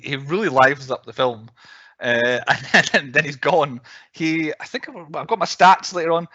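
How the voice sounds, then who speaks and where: A man hosting a casual film podcast, chatty and quick to laugh, leading the discussion. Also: mid-range voice, pushed and bright, no echo. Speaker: podcast host. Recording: dull lo-fi podcast audio.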